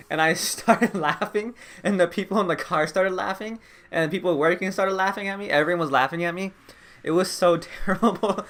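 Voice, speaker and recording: A man's voice: a little high, a bit bright. A young man in his late teens or early twenties, vlogging in a rambling casual chat, full of "like" and laughs. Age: young adult. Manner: rambling, heavy use of "like", frequent laughs.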